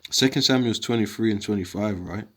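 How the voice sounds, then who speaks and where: A man's voice: on the low side, a little fast. A man giving an informal scripture lesson, rambling and combative, dropping slang asides as he works through the words on his screen. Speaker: video teacher.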